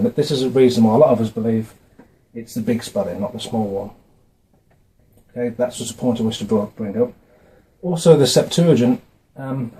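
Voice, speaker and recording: In a dim indoor room, a man making a video on a religious topic talks casually from notes to a camera mic while facing it, hesitating with frequent ums, fillers, and restarts. His voice is mid-pitched with a dark, mellow tone, and the recording quality is low.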